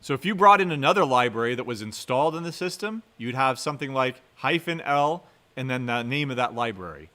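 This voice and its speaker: A man giving a programming lecture while he codes live. He keeps things conversational and checks in with a quick "right?" after most points. He drives warnings home by repeating them several times. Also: mid-range voice, lively intonation, pushed and bright. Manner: conversational, often adds "right?" as a tag question; emphatic, repeats key warnings. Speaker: university instructor.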